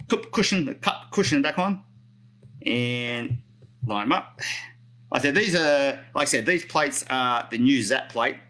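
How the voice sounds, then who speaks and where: Aussie bloke, middle-aged, bright punchy voice, chatty and rambly, fixing skates on a live stream. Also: male voice, medium pitch, rough recording. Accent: Australian. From Australia. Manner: chatty, rambling, self-correcting, reads out viewer comments. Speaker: roller skate hobbyist demonstrating maintenance. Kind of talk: casual live-stream tutorial.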